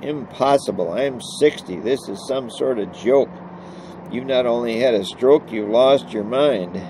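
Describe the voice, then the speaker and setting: A man voicing an affectionate, emotional sixty-year-old petite wife, raising his pitch for her lines. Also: steady tone, normal speed, background noise, natural voice. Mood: distressed. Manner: lifts voice higher for her lines.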